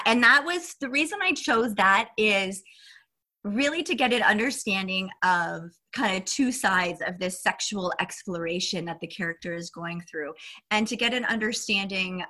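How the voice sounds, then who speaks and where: Bright-voiced woman podcast host. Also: mid-range voice. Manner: giggly, candid, breezy asides. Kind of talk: casual book chat and reading aloud.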